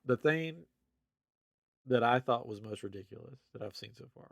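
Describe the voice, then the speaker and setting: A man hosting a casual podcast chat, telling stories in an animated way with frequent laughs. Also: medium pitch, moderate pace, vocal fry, no room sound, studio quality. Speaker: podcast host.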